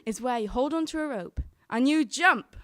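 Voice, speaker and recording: A woman's voice: sits high, animated, moderate pace, a bit bright, no echo, studio quality. A young woman telling a true story to a live audience, earnestly voicing her own thoughts. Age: young adult.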